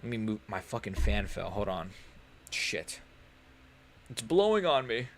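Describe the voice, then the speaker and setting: A man's voice: lowish voice, very animated, a little slow. A man hosting a live stream, reacting to fights in a rambling, joking way full of slang.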